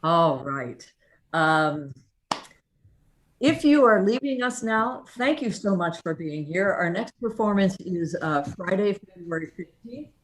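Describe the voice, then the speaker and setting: A woman hosting a theater show, giving closing thanks and announcements in a halting, filler-heavy way. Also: lowish voice, expressive, a little hiss or hum. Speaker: theater host.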